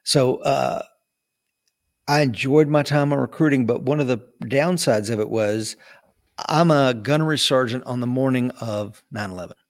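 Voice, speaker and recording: Guy telling old stories in an interview, acts out quotes, pretty lively. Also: mid-range voice, normal speed. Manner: animated storyteller acting out quoted voices. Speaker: interview guest, retired Marine officer. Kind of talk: casual storytelling interview.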